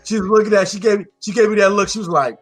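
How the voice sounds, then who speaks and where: A man co-hosting a podcast, telling a story in casual chat, animated and profane, acting out quotes. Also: high-pitched, fast, faint music behind. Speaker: podcast co-host.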